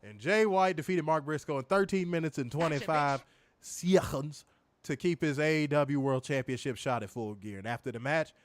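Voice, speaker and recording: A man's voice: on the high side, normal speed. Profane laid-back man recapping wrestling. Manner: loose, profane, laughing often. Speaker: wrestling review host. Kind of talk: casual crude show recap.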